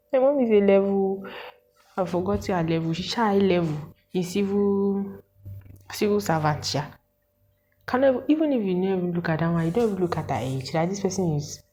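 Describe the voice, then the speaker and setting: A Nigerian woman in her twenties, telling a story to her viewers in an animated, exasperated way and asking them questions. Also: fairly low pitch, slight background noise, rough recording. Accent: Nigerian English with Pidgin words. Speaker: vlogger. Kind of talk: casual storytelling to camera.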